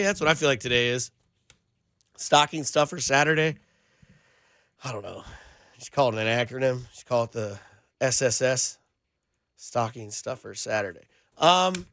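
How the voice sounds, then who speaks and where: A man hosting a sports talk radio show, energetic and joking as he riffs on football and holiday movies. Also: fairly high pitch, smooth, dry recording. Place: radio studio.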